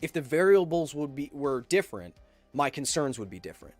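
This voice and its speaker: A man in his thirties hosting a casual podcast live stream, reading viewer questions and answering with animated, opinionated emphasis. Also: brisk, no echo, faint music behind. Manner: animated and opinionated, with emphatic swings in pitch and volume.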